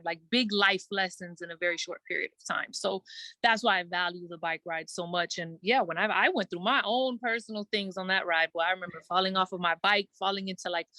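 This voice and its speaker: A woman guest in a casual interview, telling her story earnestly and quickly, acting out her own thoughts and using many "like" fillers. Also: medium pitch, pushed and bright, dry recording. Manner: earnest, fast storytelling with quoted self-talk and many "like" fillers. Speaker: guest entertainer.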